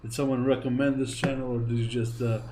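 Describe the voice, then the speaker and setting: A man's voice: medium pitch, little pitch movement, fast talker, noisy background. A tired man chatting to viewers while streaming a game, repeating phrases as he talks. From Greece. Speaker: gaming streamer. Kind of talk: casual live gameplay chat.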